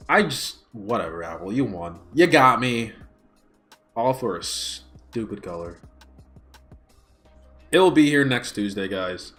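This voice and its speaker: Exasperated young man ranting slowly. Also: animated, bright, forceful tone, soft background music. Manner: exasperated, ranting with big pitch swings. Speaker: YouTuber streaming a watch party. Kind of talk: casual livestream rant. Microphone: smartphone.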